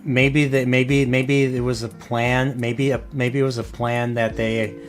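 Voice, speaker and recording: A man's voice: medium pitch, flat delivery, unhurried. A man joining a live stream as a guest, chatting casually in a laid-back way. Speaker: guest co-host. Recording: music playing under the voice.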